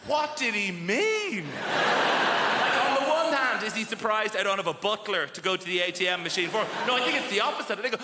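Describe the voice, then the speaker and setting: A man performing a stand-up comedy set in a theatre, animated and acting out other people in loud voices. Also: high voice, moderate pace, heavy background noise. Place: large theatre stage before a live audience. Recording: roomy hall with loud audience laughter.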